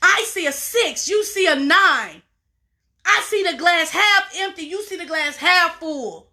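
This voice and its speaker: High bright-voiced woman coach, preachy and repeats herself a lot. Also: animated, unhurried. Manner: preachy, repetitive, emphatic. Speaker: life coach. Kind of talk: motivational talk to camera.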